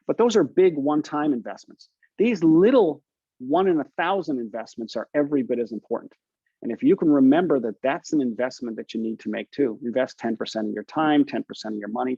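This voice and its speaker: A man's voice: medium pitch, expressive, brisk, vocal fry, warm tone, slightly rough, dry recording, highs cut off. A man coaching real estate agents on a group video call, encouraging them and asking them questions. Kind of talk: coaching session talk.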